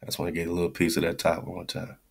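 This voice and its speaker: A man's voice: deep voice, monotone, rapid-fire, gravelly. A man hosting a radio show, giving blunt, slangy, profane commentary on a clip he is playing and repeating his points.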